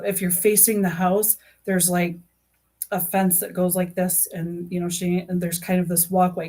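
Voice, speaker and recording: A woman streaming live, talking in a loose, rambling way packed with "um" and "you know". Her voice sits a little low for a woman. She sounds earnest and emotionally invested as she chats. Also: a little mellow. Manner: rambling, heavy fillers and restarts. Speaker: YouTube true crime streamer. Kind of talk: casual live-stream chat.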